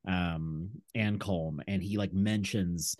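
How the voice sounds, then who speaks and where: A man co-hosting a casual podcast, speaking haltingly with many fillers as he works through his points. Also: low-pitched, fairly even intonation, darkish tone. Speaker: podcast co-host. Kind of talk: casual film discussion chat.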